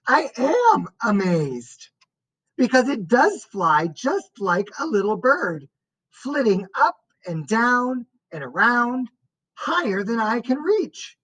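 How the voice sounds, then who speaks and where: A woman reading a first-person story aloud as an audiobook narrator, in a slow and expressive way. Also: medium pitch, poor audio.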